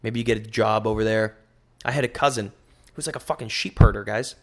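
A man hosting a solo podcast, rambling in an animated, profane way into a microphone. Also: lowish voice, fairly quick. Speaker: podcast host.

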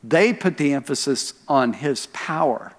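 Pastor preaching in a reverberant hall. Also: male voice, medium pitch, animated, a little slow. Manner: storytelling, self-deprecating asides, stresses key words. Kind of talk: sermon. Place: church sanctuary.

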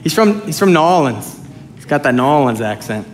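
A male pastor preaching a sermon, animated and joking, swinging between loud and soft. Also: medium pitch, fairly quick, a little hiss or hum. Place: church sanctuary with congregation.

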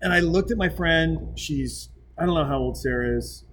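A man in his forties, a podcast host, telling stories in a casual, animated way and laughing as he goes. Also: on the high side, moderate pace, slight background noise, low-quality recording. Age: 40s. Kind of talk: casual storytelling chat.

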